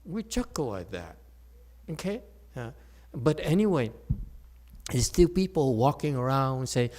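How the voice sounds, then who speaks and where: A man's voice: mid-range voice, a little slow, long pauses. A man giving a Chan meditation Dharma talk, checking in with frequent "okay?" tags and restarting phrases, his voice jumping up when he makes a point. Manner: animated, voice jumps up when emphatic.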